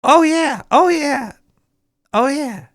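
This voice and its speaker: A jittery, paranoid sewer rat hosting his own late-night call-in show, as a man puts on the voice. His mid-pitched voice is gravelly with a creaky edge, and he rambles and restarts his sentences. The sound is dry and close, with no room around it. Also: expressive, moderate pace, no echo. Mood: rambling. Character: paranoid male cartoon sewer rat host. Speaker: radio show host.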